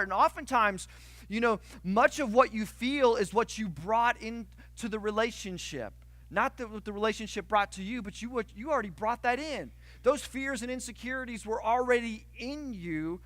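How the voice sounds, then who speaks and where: Animated bright-voiced male pastor preaching. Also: high voice, no echo. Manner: animated storytelling with sudden outbursts and hushed asides. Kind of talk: sermon.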